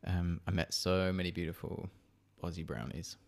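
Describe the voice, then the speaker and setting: Man, mixed British and South African accent, podcast host, deep low voice, gravelly fry, casual and chatty. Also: moderate pace. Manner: relaxed, chatty, laughs often. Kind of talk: casual chat.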